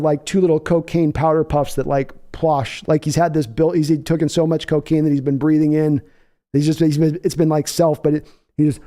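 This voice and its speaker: A man's voice: a little high, warm tone. A man hosting a live podcast, chatting casually and calling plays, rambling with many fillers. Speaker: podcast host. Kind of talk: casual live chat with play-by-play.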